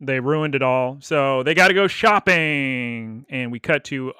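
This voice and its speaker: A man co-hosting a casual podcast, animatedly retelling a cartoon episode with quick quoted voices and laughs. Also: medium pitch, bright, forceful tone, clean tone, dry recording, studio quality. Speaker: podcast co-host.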